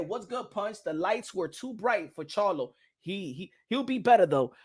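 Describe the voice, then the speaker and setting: A man hosting a casual boxing live stream, talking animatedly, repeating himself and shouting out chat viewers. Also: high-pitched, expressive, moderate pace, few pauses, slightly rough. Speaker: boxing channel host.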